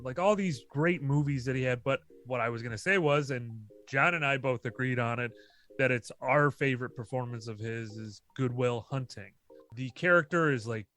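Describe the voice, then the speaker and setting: A man's voice: medium pitch, a bit bright. A man co-hosting a podcast, chatting casually and rambling a little, with free swearing. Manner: rambling, loose, swears freely. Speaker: podcast co-host. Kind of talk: casual chat.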